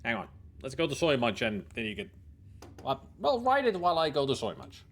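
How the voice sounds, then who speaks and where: Here a man streams a game with brisk, medium-pitched commentary that's casual and animated. He rambles, riffs and throws in some swearing.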